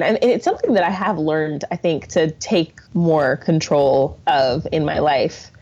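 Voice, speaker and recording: A young adult woman, a podcast guest, telling stories in an animated way and often laughing through casual conversation. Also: low voice. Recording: dull lo-fi sound.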